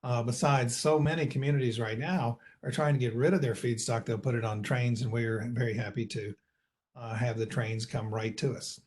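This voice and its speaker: A middle-aged man from the United States gives an investor presentation, talking persuasively but haltingly, with many fillers and restarts. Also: fairly even intonation, a little mellow. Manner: persuasive sales pitch. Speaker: company presenter. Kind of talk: investor presentation, answering questions.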